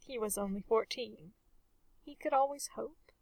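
A woman reading a story aloud in a measured, expressive way. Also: on the high side, vocal fry, no room sound. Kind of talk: storybook narration.

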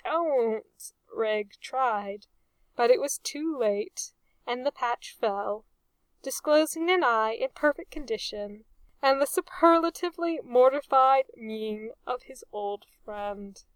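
A woman narrating a storybook aloud with an amused, expressive reading. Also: fairly high pitch, slow pace, no echo.

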